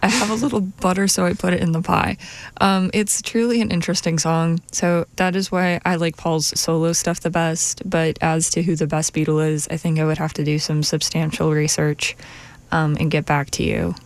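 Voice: medium pitch, little pitch movement, normal speed, dry recording. A young radio co-host chatting casually in a playful, giggly, thoughtful way.

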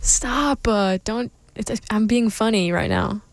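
A woman's voice: mid-range voice, a little slow, a little mellow, no echo. A young woman hosting a college radio show, tired and sleepy, giggling and joking as she talks. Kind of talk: casual radio chat.

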